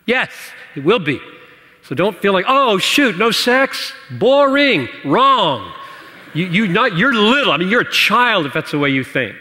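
A man preaching and answering questions in a church teaching session, animated and playful, laughing at his own jokes. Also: high-pitched, a little fast. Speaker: pastor. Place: church hall. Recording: church hall reverb.

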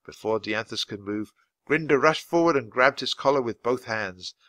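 A man reading a children's storybook aloud at a natural, steady pace for learners. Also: mid-range voice, normal speed, no echo. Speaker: reader.

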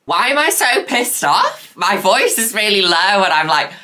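A woman's voice: mid-range voice, very animated, measured pace, sharp tone. A woman, a drag queen host, chatting in a camp, theatrical, self-mocking way as she reacts to an old video. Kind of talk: casual reaction commentary.

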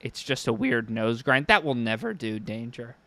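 A man's voice: medium pitch, sing-song, normal speed, background noise. A young man streaming, giving casual commentary that is profane, sardonic and rambling.

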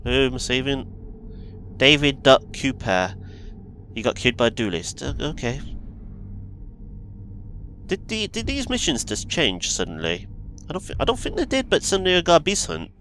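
A man giving chatty let's play commentary, excitable, yelping and making asides as he plays. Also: medium pitch, moderate pace, long pauses, slight background noise. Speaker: gaming video host.

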